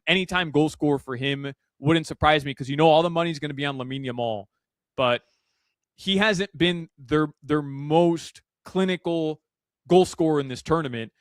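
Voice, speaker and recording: A man as a guest analyst in a casual sports radio chat, animated and full of fillers and restarts. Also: mid-range voice, no echo. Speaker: soccer betting analyst guest. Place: Miami.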